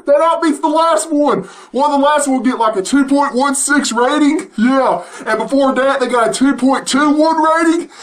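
A man delivering a loud, mocking, profanity-filled rant, laughing as he goes. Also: very high-pitched, poor audio. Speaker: vlogger.

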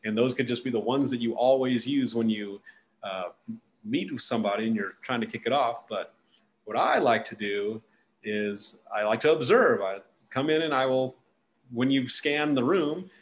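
A male podcast host in easy conversation, his voice sitting at an ordinary pitch but jumping around with lively intonation. He slips into quick acted-out lines of dialogue as he talks. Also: slight background noise. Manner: animated, acts out little dialogues. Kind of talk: casual interview chat.

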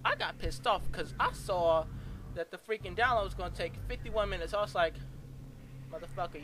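A man's voice: sits high, lightly acted. A man playing a brash, profane, street-talking young gamer who rambles and stammers through a comedic rant review. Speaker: game reviewer. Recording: noisy home recording.

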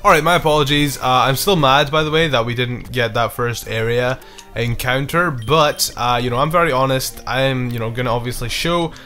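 A man's voice: medium pitch, normal speed, pushed and bright, soft background music. A man commenting casually on his own gameplay, rambling, swearing often, and frustrated but apologetic. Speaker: let's play gamer.

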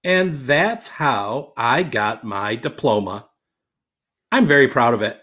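A man, a school teacher, reading a children's picture book aloud in an expressive storytelling voice. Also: medium pitch, slow pace.

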